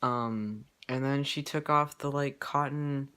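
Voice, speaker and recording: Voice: medium pitch, slow pace, pushed and bright, smooth. A vlogger talking casually at home in an update video, rambling with lots of fillers and restarts and giggling often.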